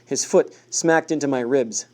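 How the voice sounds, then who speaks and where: A man reading a first-person novel aloud in a steady, measured way. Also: medium pitch. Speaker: audiobook narrator.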